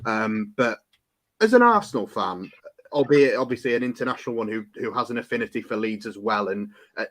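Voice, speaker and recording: A man's voice: lowish voice, a bit bright, rough recording. A man hosting a fan podcast, talking in long rambling questions with casual swearing. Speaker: show host.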